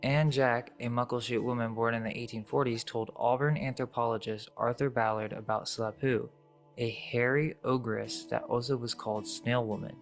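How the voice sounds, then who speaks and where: A man's voice: medium pitch, steady tone, normal speed, faint music behind. Man narrating a documentary clip. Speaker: video narrator.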